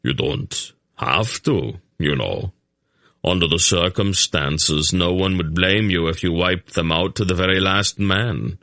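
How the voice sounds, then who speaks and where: A man reading a big gruff male warrior, dropping his voice low and speaking bluntly. Close, dry audiobook sound. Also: a little slow, bright, forceful tone, no echo, full character voice. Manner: blunt, offhand.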